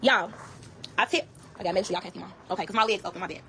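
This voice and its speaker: Recorded through a phone camera on a livestream with a little hiss or hum, this woman speaks in a sharp, mid-range voice at a rapid-fire pace. She recounts her own story emphatically and with plenty of swearing, constantly addressing her audience as "y'all."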